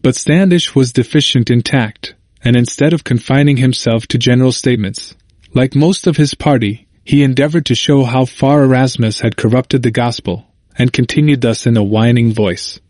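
A man reads a history book aloud in a measured, even way. His voice sits at an ordinary middle pitch. The recording is dry and close. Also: dry recording. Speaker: narrator. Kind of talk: audiobook narration of a history.

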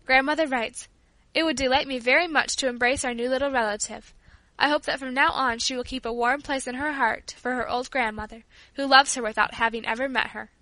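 A woman's voice: sits high, steady tone, a little fast, pushed and bright, dry recording. A woman reading the part of a tender, earnest father in a storybook, in much her own voice. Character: gentle caring father of a family.

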